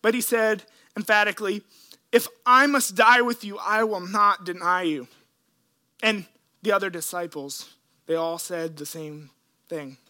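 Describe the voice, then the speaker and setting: A man preaching a sermon, retelling scripture in an earnest, emotional way with dramatic pauses. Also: high-pitched, fairly even intonation, bright, forceful tone. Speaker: pastor.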